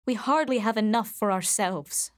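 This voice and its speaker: A woman voicing a practical, cautious middle-aged mother who speaks in a measured, firm way in a storybook reading. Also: mid-range voice, natural voice.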